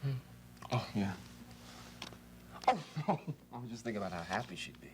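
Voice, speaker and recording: A man plays a gentle, hesitant friend in a soap opera. He has a very deep voice and probes carefully with many pauses, over a faint hiss. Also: expressive, natural voice.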